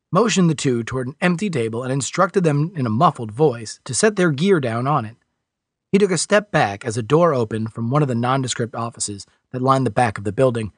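A man reading a novel aloud as a narrator, in a steady storytelling delivery. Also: medium pitch, husky, no room sound, studio quality. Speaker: audiobook narrator. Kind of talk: scripted narration.

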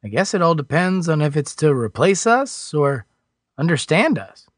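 A man's voice: sing-song, moderate pace, dry recording, clean studio sound. A man narrating an audiobook voices an impulsive young male traveler in a raised, protesting voice. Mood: uneasy. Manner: protesting, raised pitch, drawn out.

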